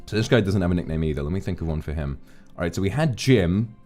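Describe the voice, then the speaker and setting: Man, low voice, casual storytelling, swearing, rambling, faint background music. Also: fast. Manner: rambling, profane, animated anecdotes. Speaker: streamer.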